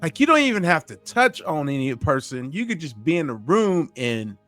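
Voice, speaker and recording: A man's voice: fairly high pitch, very animated, normal speed, fairly bright tone, no room sound, soft background music. A man hosting a reaction video, reflecting earnestly and addressing viewers directly. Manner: earnest, musing, speaks to viewers as "folks". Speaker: reaction channel host.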